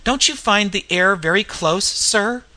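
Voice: medium pitch, animated, measured pace, sharp tone. A reader voicing a frightened, superstitious male railway inspector in a storybook, gasping and pleading. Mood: bewildered. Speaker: storybook character.

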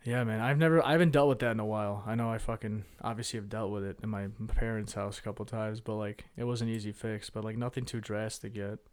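A man's voice: on the low side, fairly even intonation, smooth. Young man cracking profane quips. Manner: laughing, profane, quick reactive quips. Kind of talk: casual chat.

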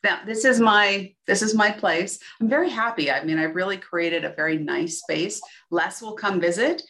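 A woman's voice: mid-range voice, moderate pace, fairly bright tone. A woman co-hosting a casual chat podcast, upbeat and chatty. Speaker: podcast co-host.

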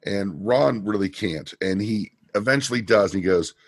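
Gravelly low-voiced man chatting. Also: normal speed, no echo, clean studio sound. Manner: animated retelling with quoted lines and laughs. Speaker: podcast co-host. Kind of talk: casual chat recapping a TV episode.

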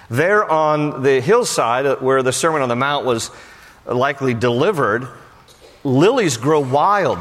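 A man delivers a sermon with an animated, joking manner, his voice sitting a little high. He lifts his pitch sharply to stress points. The sound carries a long reverb from a large hall. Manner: animated, jokey, raises pitch for emphasis. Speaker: pastor.

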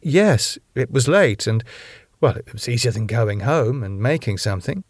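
A man's voice: mid-range voice, expressive, moderate pace, no room sound, studio quality, lightly acted. A man voicing an earnest young woman police inspector who sounds urgent and defensive. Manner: urgent, pleading, flustered.

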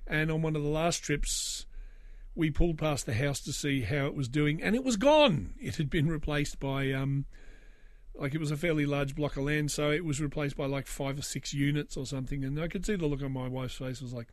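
An Australian man in his forties tells a personal story in a loose, rambling way, full of fillers and wry asides. His voice sits somewhat high for a man. The sound is dry, with no room around it. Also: moderate pace, dry recording. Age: 40s. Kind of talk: casual storytelling.

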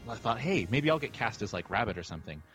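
A man's voice: on the low side, fast talker, soft background music. A man talking casually and enthusiastically in a movie discussion, with frequent restarts. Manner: enthusiastic, animated with many restarts. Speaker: podcast panelist.

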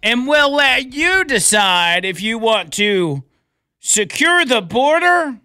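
A talk radio host with a strikingly high voice draws out his words slowly and with heavy sarcasm. His tone is sharp and smooth, recorded close and dry in the studio. He keeps firing mocking rhetorical questions at the audience. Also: big pitch swings, no room sound. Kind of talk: opinionated talk radio commentary.

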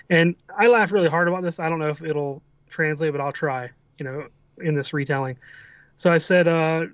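A man co-hosting a podcast who reflects in a relaxed, meandering way. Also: fairly high pitch, no echo, highs cut off. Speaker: podcast co-host. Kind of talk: casual chat.

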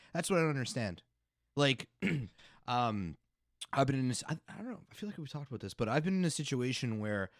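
A middle-aged man co-hosting a podcast, making his points heatedly with plenty of swearing. His pitch moves in lively jumps. He sounds close and dry on a studio mic. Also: no echo. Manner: heated, profane and emphatic. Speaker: podcast co-host. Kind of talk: casual podcast banter.

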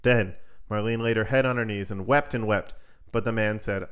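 A man's voice: fairly low pitch, steady tone, moderate pace, a bit bright, smooth. A man hosting a podcast who reads a fairy tale aloud in a casual, playful way and adds joking asides. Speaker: podcast host.

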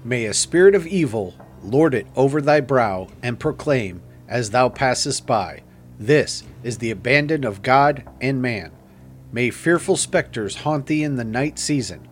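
A man's voice: mid-range voice, lively intonation, measured pace, soft background music, lightly acted. A man playing a fiendish stranger who speaks in theatrical, menacing old-fashioned declamation. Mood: menacing curse. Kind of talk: audiobook character reading.

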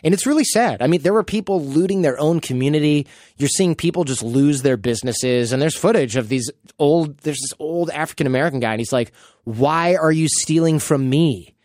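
Speaking fairly quickly in a fairly high voice, this podcast host is a man in his thirties who tells stories in a lively, casual way, performing the quotes himself. The studio sound is clean, with no echo.

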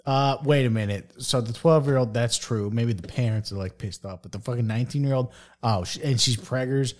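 A man's voice: medium pitch, brisk. A man swearing heavily while telling stories and reading news in casual podcast banter. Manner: profane storyteller, trails off quietly.

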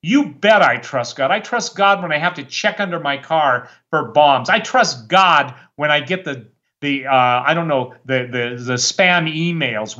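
A man's voice: a little high, unhurried, sharp tone, highs cut off. Fiery worked-up preacher man. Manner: worked up, fiery, rambling with restarts. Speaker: guest preacher. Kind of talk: impassioned talk-show monologue.

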